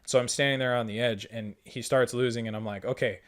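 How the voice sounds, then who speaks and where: A man's voice: mid-range voice, fast talker. A young man with an ordinary mid-range voice tells a tabletop game story among friends. He swears often and acts out each exchange with the game master. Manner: profane, animated retelling with quoted dialogue. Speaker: podcast host.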